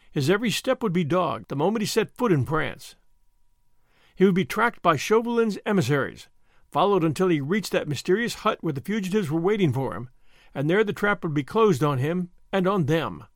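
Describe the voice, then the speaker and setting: A man narrating a classic novel in an expressive, dramatic reading voice. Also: high voice, dry recording, clean studio sound. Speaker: audiobook narrator.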